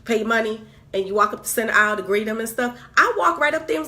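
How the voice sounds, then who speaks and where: A woman's voice: on the high side, animated, rapid-fire, few pauses, bright, forceful tone. Lady ranting to her camera, fed up, keeps repeating herself, lots of stammery restarts. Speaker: vlogger. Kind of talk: casual venting to camera.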